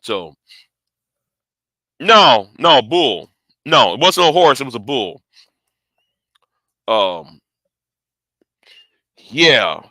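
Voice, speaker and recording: A man's voice: medium pitch, sing-song, very slow, long pauses, sharp tone, no room sound. A man telling a story casually to camera, rambling, swearing freely and often stumbling and repeating words. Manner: rambling, profane, stammering repeats. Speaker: vlogger.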